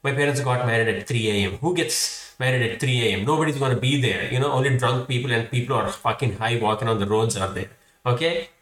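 A young man rants through a comedic monologue with a wry edge, swearing freely. His voice sits at an ordinary middle pitch. It echoes around the room from a mic set some distance away. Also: quick pace, a bit bright. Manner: profane, ranting, wry. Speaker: podcast host.

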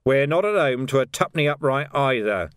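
Guy reading a stern watch sergeant, curt and dry, lively delivery, dead dry sound. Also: mid-range voice, brisk, dry recording, pitched above the performer's own voice, natural voice. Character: gruff stern male night-watch sergeant.

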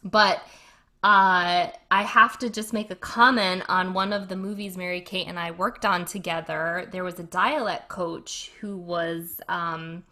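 A woman's voice: on the low side, steady tone, measured pace, bright, forceful tone. A woman with a Cranston, Rhode Island accent co-hosting a podcast, chatting casually and laughing often. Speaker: podcast co-host. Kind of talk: casual chat.

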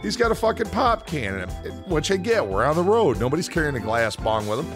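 A man's voice: a little high, a little fast, over music. A man from the US Northwest telling a story in casual podcast chat, swearing a lot and acting out the voices of the people in it. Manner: profane, animated storyteller who acts out quotes. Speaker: podcast co-host.

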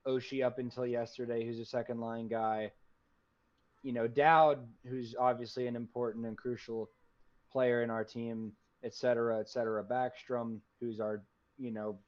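A man co-hosting a podcast in casual sports chat, rambling with many fillers like "you know". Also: mid-range voice. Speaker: podcast co-host. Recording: dull lo-fi recording.

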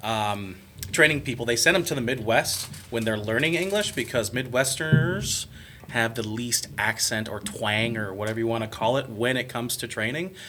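A man's voice: medium pitch, moderate pace, pushed and bright, slight background noise. A man talking emphatically and insistently in casual comedic podcast chat.

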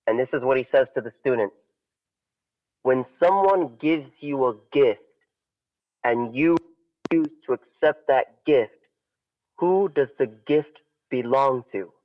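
A man casually telling a parable on a podcast, animated and relaxed. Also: medium pitch, unhurried, long pauses. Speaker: podcast co-host. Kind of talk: casual storytelling. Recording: dull lo-fi audio.

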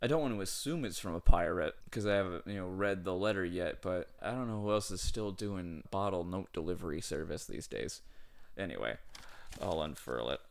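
A man co-hosting a podcast, chatting casually with a deadpan, playfully absurd humor. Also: low voice, brisk, gravelly. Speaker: podcast co-host. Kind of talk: casual comedic chat.

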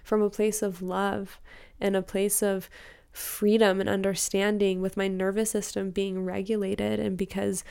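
A woman's voice: mid-range voice, little pitch movement, a little slow, creaky, dark tone, clean tone. A young woman from Utah, a podcast guest talking earnestly and emotionally about prayer and spirituality. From Salt Lake City, Utah. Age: young adult. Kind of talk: casual spiritual interview talk.

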